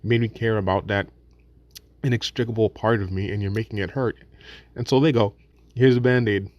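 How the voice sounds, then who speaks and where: A man with a lowish voice narrating a reflective video essay, recorded dry and close. He talks casually and swears freely, stumbling into restarts and slipping into little acted asides. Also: fairly even intonation, brisk, darkish tone, dry recording, dull audio.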